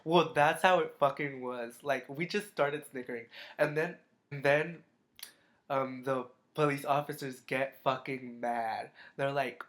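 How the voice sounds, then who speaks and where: A man's voice: medium pitch, steady tone, measured pace, a bit bright. A teenage boy telling a storytime vlog in casual chat, rambling, swearing a lot, his voice cracking. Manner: profane, rambling with constant fillers. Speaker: vlogger.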